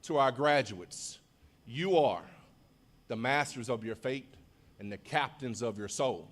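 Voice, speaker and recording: A man, a school principal, giving an animated, rousing graduation speech and leading the crowd in call-and-response. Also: mid-range voice, unhurried. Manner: animated, rousing delivery with big swings in loudness.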